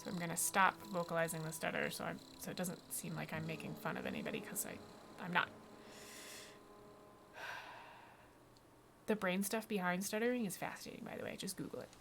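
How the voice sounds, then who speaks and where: A woman streaming a video game, chatting casually to herself, with mild swearing, over loud game music. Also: fairly low pitch, fairly even intonation, moderate pace, creaky, long pauses, background noise. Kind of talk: casual gameplay commentary.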